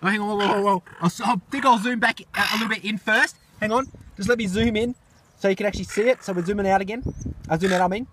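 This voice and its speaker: A man giving excitable running commentary on camera while feeding birds outdoors, often exclaiming and repeating himself. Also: high-pitched, fast talker, slightly rough. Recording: noisy outdoor recording with birds.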